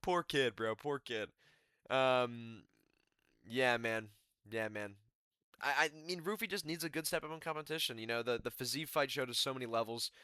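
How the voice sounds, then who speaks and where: A young man talks through a fight card in a loose, slangy ramble, full of energy. His voice is bright and forward. The recording is close and dry, with no room sound. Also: mid-range voice, normal speed, smooth, no room sound. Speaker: MMA commentator. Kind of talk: casual fight recap.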